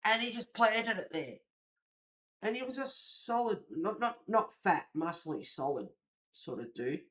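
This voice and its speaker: A woman, hosting a livestream and chatting casually while colouring, telling a story in an animated, gossipy way with the odd swear word. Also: mid-range voice, unhurried. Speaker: livestream host.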